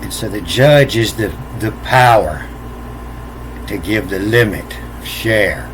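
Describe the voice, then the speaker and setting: This unscripted explanation comes from a self-taught lecturer who speaks slowly and expressively, with an ordinary male pitch. He stalls and repeats himself a lot before spelling out letters one by one. A faint hum runs underneath.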